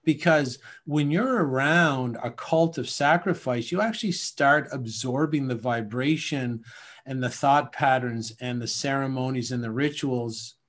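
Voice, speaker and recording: A man's voice: medium pitch, fairly bright tone. A man from Canada talking in a casual podcast conversation, emphatic and rambling, often acting out little scenes.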